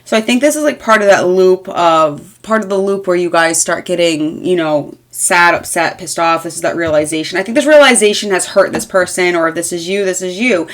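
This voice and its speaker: Talking a little fast with few pauses, this tarot reader in her thirties works through a reading in a casual, rambling manner. She has a slightly low voice, speaks frankly with light swearing, and leans heavily on fillers.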